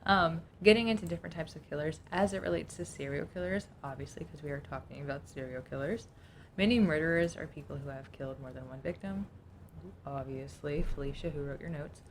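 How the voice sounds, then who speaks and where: A woman with a notably low voice co-hosts a casual podcast, reading definitions from her notes in a chatty way. A faint rumble sits under the recording. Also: brisk. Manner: reads notes aloud, chatty, laughs easily. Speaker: podcast co-host.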